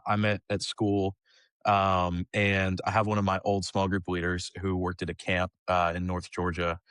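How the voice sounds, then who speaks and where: A young man in his twenties, a kids ministry leader, telling a personal story in a casual, animated way and acting out the dialogue. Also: sits low, no room sound, clean studio sound. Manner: animated storyteller who acts out quoted dialogue; casual, with frequent fillers like "like" and "um". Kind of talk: conversational storytelling.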